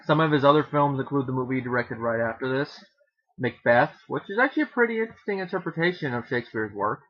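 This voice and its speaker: A man's voice: mid-range voice, animated, fast, dull audio. A man giving a casual, rambling film review, often correcting himself mid-sentence and joking.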